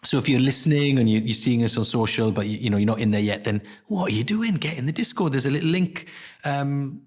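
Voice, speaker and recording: A man's voice: mid-range voice, animated, quick pace. A man co-hosting a podcast in casual chat, talking in a chatty way with many fillers and restarts. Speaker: podcast co-host.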